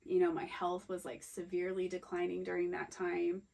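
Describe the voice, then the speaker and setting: Woman podcast co-host, low and gravelly, telling a personal story in a candid, emotional, halting way. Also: monotone, darkish tone, low-quality recording. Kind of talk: personal storytelling in casual chat.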